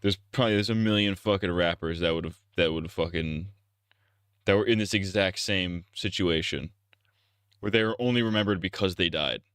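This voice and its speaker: A man's voice: low-pitched, moderate pace, fairly bright tone, smooth, dry recording, studio quality. A man streaming live, ranting casually in a profane, rambling, blunt way.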